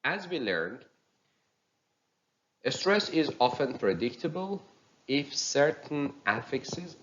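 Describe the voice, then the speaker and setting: Slow, careful male pronunciation teacher. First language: Persian. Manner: deliberate, careful enunciation with lively pitch. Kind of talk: slow instructional reading of word lists. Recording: dull lo-fi recording.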